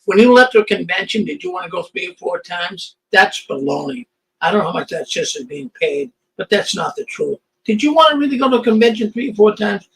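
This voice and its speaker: High-voiced older male host, sarcastic and indignant, stumbles over his words. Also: vocal fry, a bit bright, low-quality recording. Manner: indignant, sarcastic, stammering restarts. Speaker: commentary show host. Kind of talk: live commentary over video clips.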